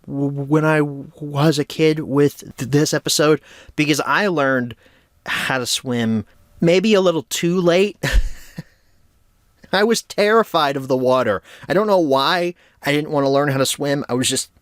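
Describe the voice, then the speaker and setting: A laid-back man reviewing a cartoon in a casual, joking way, dropping slang as he goes. His pitch bounces around a lot, and the recording is dry and close with no room sound. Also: no echo.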